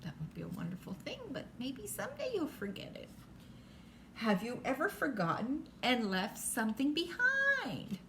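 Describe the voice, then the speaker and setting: A woman's voice: high voice, wildly swooping pitch, moderate pace, bright, forceful tone, a little hiss or hum. An older woman reading a bedtime storybook aloud, stopping for chatty asides to the child listening.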